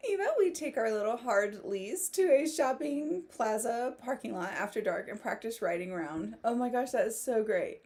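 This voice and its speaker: Giggly lady chatting on a writing stream, kinda high voice, reads chat out loud. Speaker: livestream host. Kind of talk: casual livestream chat.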